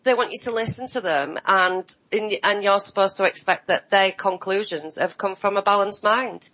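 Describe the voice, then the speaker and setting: On an online roundtable, a woman guest tells her side bluntly and sarcastically in casual chat, imitating other people's voices. Her mid-range voice is moderately paced and fairly bright, though the recording quality is low.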